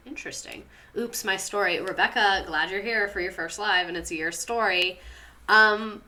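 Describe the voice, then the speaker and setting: A young woman with a medium-pitched, pushed, bright voice hosts a casual livestream. She reads viewer stories and talks back to the chat in a chatty, rambling way, full of "like" and laughter.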